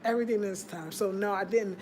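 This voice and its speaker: A woman's voice: medium pitch, steady tone, fast, darkish tone, a little hiss or hum. A woman hosting a casual live stream, chatty and laughing often, drifting from one topic to the next. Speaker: livestream host. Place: home in Ghana.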